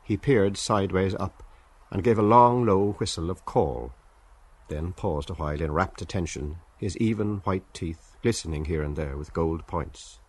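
A man narrating a literary radio drama in a measured, deliberate reading. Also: low voice, breathy edge.

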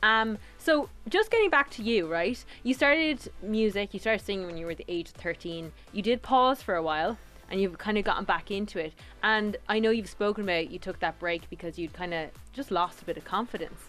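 A woman co-hosting a radio show, asking a guest questions in a calm, measured way in the studio. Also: medium pitch, faint music behind. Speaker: radio co-host.

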